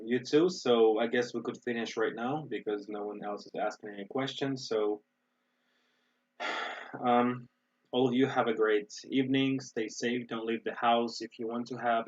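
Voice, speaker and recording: American man, English teacher, online lesson, relaxed explaining, husky, dull lo-fi sound. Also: medium pitch, normal speed. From United States. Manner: relaxed, explanatory, with frequent fillers and restarts.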